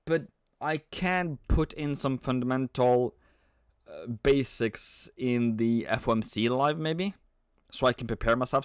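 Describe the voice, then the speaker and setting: A man hosts a live trading stream, giving casual market commentary and answering chat playfully, often chuckling and making halting restarts. His mid-range voice is clear and resonant, captured in a dry, studio-quality recording.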